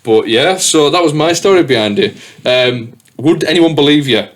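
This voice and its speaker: A man's voice: a little high, animated, normal speed. A man hosting a podcast, telling rambling stories in casual chat and swearing freely. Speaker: podcast host.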